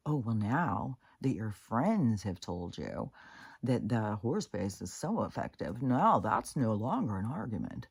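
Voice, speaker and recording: A woman's voice: rumbling low, big pitch swings, a little slow, vocal fry, a little mellow, slightly rough, no room sound, studio quality. A woman venting in a casual spoken monologue, rambling and profane, with restarts and laughs. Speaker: vlogger.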